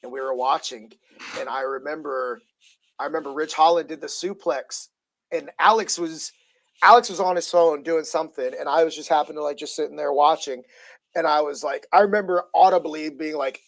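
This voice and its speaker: Animated man, fairly high voice. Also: brisk, creaky. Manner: animated storyteller who acts out his own reactions. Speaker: podcast co-host. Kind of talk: casual podcast chat.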